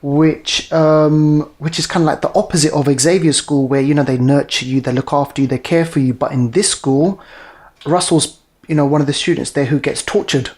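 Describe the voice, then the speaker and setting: A man's voice: on the high side, steady tone, moderate pace, darkish tone. A man co-hosting a casual film review, talking enthusiastically and rambling with many fillers and restarts.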